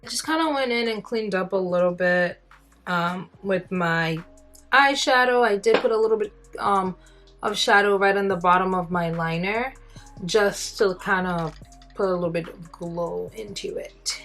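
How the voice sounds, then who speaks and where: A chatty woman talks through her makeup routine in a loose, rambling way. Her voice sits in an ordinary middle pitch, and faint music plays behind her. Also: moderate pace, fairly bright tone. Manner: chatty, rambling, with fillers and self-deprecating asides. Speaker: beauty vlogger. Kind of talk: casual makeup tutorial chat.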